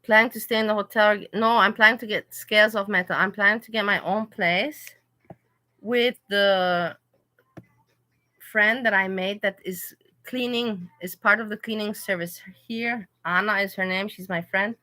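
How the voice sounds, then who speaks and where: A bright-voiced European woman sits in a hotel room chatting on a livestream, reading comments aloud and answering them with animation. She speaks at medium pitch and normal speed over a low-quality recording.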